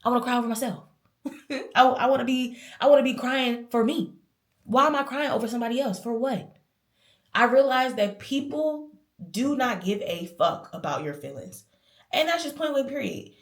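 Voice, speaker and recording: A woman's voice: high-pitched, expressive, normal speed. Candid young woman vlogger, roomy sound. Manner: emphatic, candid, chatty. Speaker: lifestyle vlogger. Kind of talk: casual chat to camera. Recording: roomy echo.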